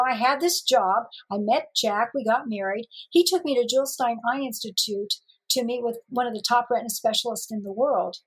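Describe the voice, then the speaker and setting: A woman from Missouri telling her life story as an interview guest, lively and acting out past conversations with laughter. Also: fairly high pitch, slightly rough, rough recording. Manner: lively storyteller who acts out dialogue with laughter.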